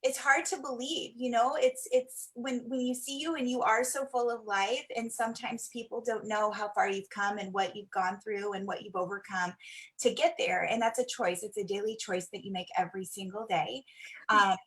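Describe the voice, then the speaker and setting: A woman's voice: mid-range voice, fairly even intonation, normal speed. A woman hosting a coaching chat, gushing and effusive, who is easily moved.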